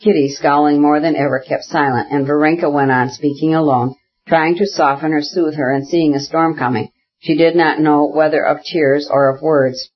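A narrator reading a classic novel in a measured, even manner with a husky voice. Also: mid-range voice, muffled recording. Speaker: audiobook narrator.

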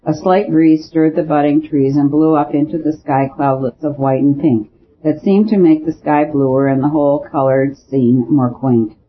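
A man's voice: on the high side, fairly even intonation, normal speed, slightly rough. Man narrating an audiobook, lo-fi. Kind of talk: scripted story narration. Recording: dull lo-fi recording with faint hiss.

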